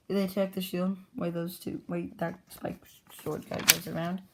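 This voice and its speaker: A woman excitedly retelling the story of her own comic journal in a rambling, casual way, jumping into brief character voices. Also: fairly low pitch, moderate pace, few pauses, a little hiss or hum.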